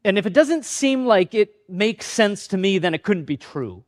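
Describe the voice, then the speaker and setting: A pastor with a notably high voice delivers his sermon like a conversation. He pokes fun at himself and briefly acts out the people in his stories. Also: big pitch swings, moderate pace. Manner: conversational, self-deprecating, acts out quoted voices.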